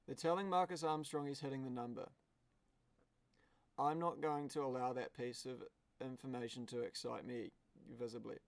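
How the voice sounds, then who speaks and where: A man commentating a car race live on a stream. He is excitable and swears, breaking into shouts at the screen. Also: medium pitch, normal speed, gravelly.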